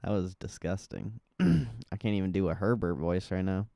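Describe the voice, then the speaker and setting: A man's voice: deep voice, normal speed, vocal fry, mellow, no echo. A man hosting a casual livestream, joking loosely and laughing often, saying his voice feels off. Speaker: livestream host.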